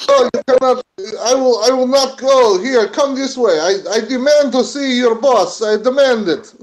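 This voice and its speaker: A man's voice: very high voice, moderate pace, voice pushed up. Man putting on a pleading Russian laborer. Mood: indignant. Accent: put-on Russian. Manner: broken grammar, begging then demanding. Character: poor male Russian laborer, pleading and pushy.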